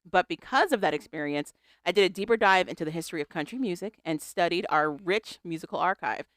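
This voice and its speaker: A podcast co-host chatting casually about celebrity news, stopping to read a statement aloud and dropping wry comments along the way. The voice sits at a middling pitch and is picked up on a close mic in a dead, dry room. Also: animated, quick pace, fairly bright tone, no echo. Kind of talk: casual pop-culture chat.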